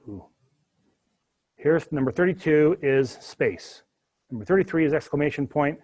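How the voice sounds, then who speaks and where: A man teaching a live spreadsheet coding lecture to his students, talking through each step with jokey asides. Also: medium pitch. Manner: animated, jokey asides while working through code. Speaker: university instructor.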